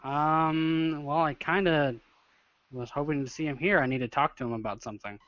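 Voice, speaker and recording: A man with a fairly high voice describes his character's actions in a tabletop game, often stopping to search for words. The sound is dry and close, but the recording is dull and lo-fi. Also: steady tone, normal speed, fairly bright tone, smooth, dry recording. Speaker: player. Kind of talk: casual tabletop play.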